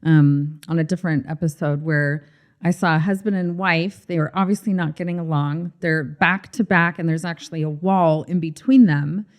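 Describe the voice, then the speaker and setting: Animated woman co-hosting a marriage podcast. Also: deep voice, normal speed. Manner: expressive, animated storytelling. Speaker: podcast co-host, marriage coach. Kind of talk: casual podcast conversation.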